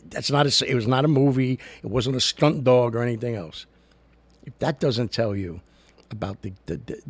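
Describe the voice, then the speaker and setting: A man's voice: fairly low pitch, gravelly, a little mellow, slightly rough, no echo. A man hosting a casual talk show, chatting in a loose, jokey way with an American accent and lots of fillers. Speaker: show host.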